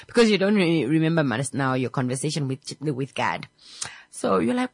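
Lively, husky woman telling a story. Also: low-pitched, moderate pace, no echo. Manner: animated, acts out every character's voice; repeats words, restarts sentences. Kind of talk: casual spoken storytelling.

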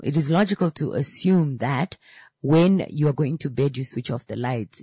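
Animated woman telling a lesson story. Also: low-pitched, slightly rough, dry recording. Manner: animated storyteller, acts out voices, slangy asides. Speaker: teacher. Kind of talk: casual lesson with anecdotes.

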